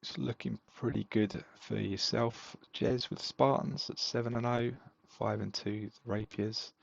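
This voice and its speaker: Reviewing fantasy football games on a podcast, this co-host rambles easily and fills gaps with fillers. He has a medium-pitched, unhurried voice with vocal fry, heard with no room sound and the highs cut off.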